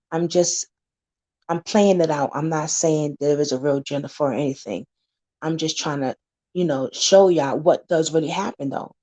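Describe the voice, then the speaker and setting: A woman's voice: low-pitched, mellow. A woman community advocate talking casually to camera, blunt and candid, warning her viewers and acting out scenes to make her point.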